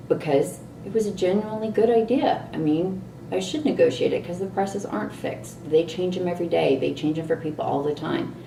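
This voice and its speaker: A middle-aged woman vlogging a candid personal story, animated and exasperated at times. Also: sits low, slight background noise. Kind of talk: personal reflective monologue. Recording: roomy echo, distant mic, faint ambience.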